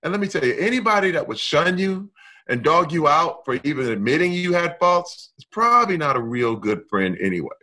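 A middle-aged man speaking candidly and with emphasis, his voice bright and forceful. He sits a little high in pitch and swings from loud bursts to quiet stretches. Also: fairly quick. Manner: emphatic, expressive, swings between loud and soft. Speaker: guest. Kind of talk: candid conversation.

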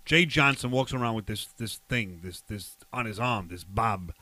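A man's voice: lowish voice, normal speed, pushed and bright, no echo. A man hosting a comic barbecue cooking bit, talking in a rambling tough-guy drawl.

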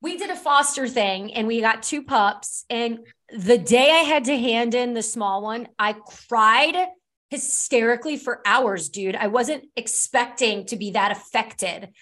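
A woman's voice: fairly high pitch, measured pace, a bit bright. A woman hosting a podcast, talking casually, laughing easily and reflecting at length. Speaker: podcast host. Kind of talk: casual chat.

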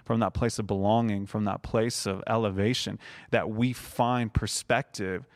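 A man's voice: lowish voice, fairly even intonation, moderate pace. A young man in a casual faith conversation, talking earnestly and building to emphatic passages.

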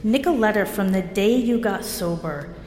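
In an echoey hall with long reverb, a woman from New Jersey offers an honest share at a recovery meeting. She's blunt and wry, poking fun at herself and bursting into laughter. Her mid-range, darkish voice has lively intonation at a normal speed.

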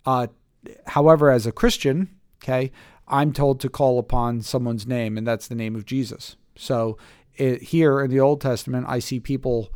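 A man hosting a casual Bible study podcast, his voice sitting at an ordinary middle pitch. He reads scripture, then thinks aloud with fillers and restarts. The recording is dry and close, with no room sound. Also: fairly even intonation, moderate pace, darkish tone, clear, resonant tone, no echo. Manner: thoughtful, with many fillers and restarts. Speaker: podcast host.

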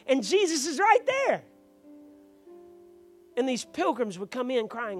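Male preacher, high voice, fervent sermon delivery, calls out to listeners, faint music behind. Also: animated, a little slow, pauses often.

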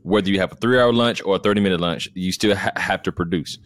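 A man's voice: deep voice, fast, no echo. A man from the United States in casual conversation, emphatic, asking rhetorical questions and repeating words.

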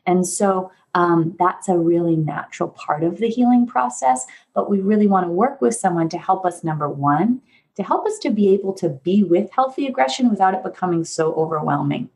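A woman therapist talking through ideas on a podcast in a thoughtful, gently explanatory way, sometimes acting out the voices she quotes. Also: on the low side, expressive, a little fast, creaky. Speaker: trauma therapist. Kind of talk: podcast conversation.

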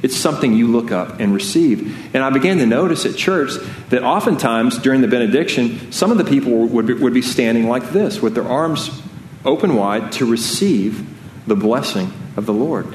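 A man preaching a sermon as pastor, earnest and conversational, often restarting his sentences. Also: mid-range voice. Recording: echoey room with faint noise.

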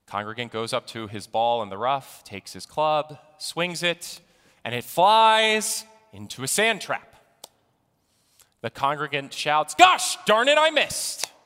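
A man giving a sermon in a deliberate storytelling manner. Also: medium pitch, lively intonation, sharp tone, smooth, big-room sound. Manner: storytelling, slow and deliberate delivery. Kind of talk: sermon with an opening joke.

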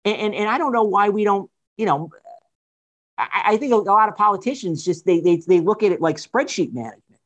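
A man speaking as a guest author in a political discussion, animated, firing off rhetorical questions and restarting sentences often. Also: sits high, brisk.

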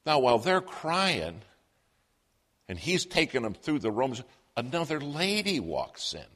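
A male preacher telling a story in a sermon, in an animated, humorous way. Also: medium pitch, measured pace.

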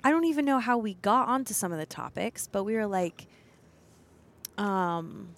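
A young woman co-hosting a podcast, retelling a story in a chatty, animated way with plenty of fillers. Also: medium pitch, normal speed. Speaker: podcast co-host. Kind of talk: casual storytelling chat.

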